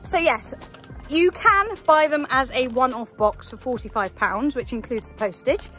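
A woman's voice: high voice, normal speed, sharp tone, soft background music. A chatty woman vlogging about horse gear, laughing often and talking to her animals as she goes. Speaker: equestrian vlogger. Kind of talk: casual vlog chat.

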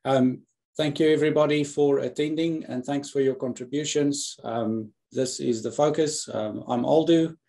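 South African male co-host, friendly and easygoing, warm mellow voice. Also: mid-range voice, fairly even intonation, moderate pace, gravelly. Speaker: podcast co-host. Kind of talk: podcast sign-off.

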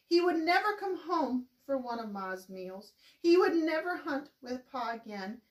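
A woman's voice: fairly high pitch, reverberant, poor audio. Woman reading a children's story.

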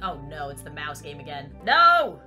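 A woman's voice: a little high, animated, normal speed, bright, forceful tone, soft background music. A young woman doing let's play commentary, chatting animatedly and cooing in baby talk at a virtual kitten. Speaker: gaming YouTuber.

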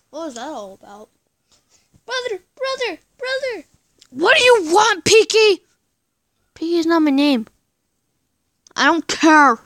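A woman acting out a silly improvised skit on her own, switching between characters with whiny sighs and hushed whispers. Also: high voice, no room sound. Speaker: video maker. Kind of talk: improvised one-person skit.

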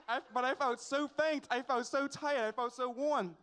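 A young man, telling a personal testimony at a church service in an animated, repetitive storytelling way with sighs and asides. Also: very high-pitched. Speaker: church member giving a testimony.

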